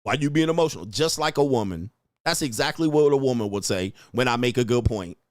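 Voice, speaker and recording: Profane, mocking man with a lively voice. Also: medium pitch, fairly quick, dry recording, studio quality. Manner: profane, mocking, laughs often, confrontational. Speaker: streamer host. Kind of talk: livestream rant reading chat.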